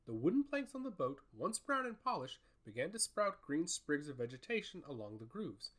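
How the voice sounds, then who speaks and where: A man narrating a fantasy story in a storybook style, with an expressive, rising and falling delivery. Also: a little high, normal speed.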